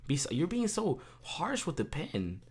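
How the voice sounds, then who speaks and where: A man's voice: a little high, huge pitch swings, measured pace, breathy edge. A young man co-hosting a casual chat show, talking in a playful, rambling way with bursts of mock indignation. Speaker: podcast co-host.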